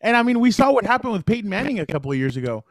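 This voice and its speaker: A man's voice: high-pitched, sing-song, very fast. A man co-hosting a sports talk show in a casual, rambling way, stumbling over restarts and retelling anecdotes with quoted dialogue.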